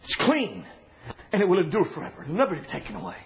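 High-voiced preacher man, shouting and fervent. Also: wildly swooping pitch, fast. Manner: impassioned, often shouting, then dropping low and quiet. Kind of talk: sermon.

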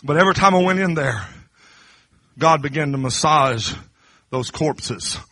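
A middle-aged man preaching a sermon, dropping to low confiding talk and then rising to high shouted crescendos. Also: lively intonation, measured pace, no room sound, clean studio sound.

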